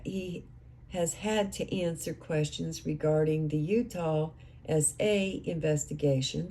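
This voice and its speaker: A woman's voice: fairly low pitch, mellow, slight background noise. A woman narrating a true-crime case recap, recounting events and quoting what others said.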